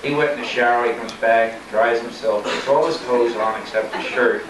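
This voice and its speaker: An elderly man, a retired pitcher, telling a rambling, chuckling anecdote at a live event. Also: steady tone, normal speed. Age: older. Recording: echoey room, distant mic, loud crowd and noise.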